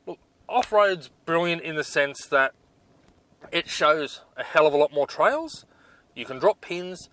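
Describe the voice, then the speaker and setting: A man's voice: a little high, animated, a little slow, fairly bright tone, no room sound. A man reviewing off-road navigation gear in a casual vlog, blunt and exasperated, with lots of ums. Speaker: 4WD touring vlogger.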